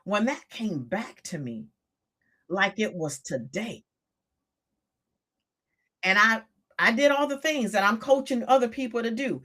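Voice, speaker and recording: A woman's voice: on the high side, expressive, measured pace, pauses often, bright, forceful tone. A woman in her sixties, a coach talking on a live stream, emphatic and repeating phrases for stress.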